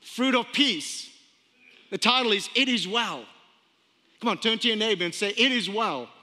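A man in his thirties preaching a sermon as pastor, chatty and storytelling, repeating phrases and slowing down for emphasis. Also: sits high, pushed and bright. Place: church sanctuary. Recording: long hall reverb.

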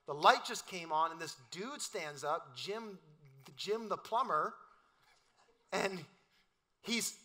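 A middle-aged pastor, preaching in a loose, joking, conversational way. His voice sits high for a man and rings bright and forceful. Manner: casual, joking, storytelling with quoted voices. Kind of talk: sermon.

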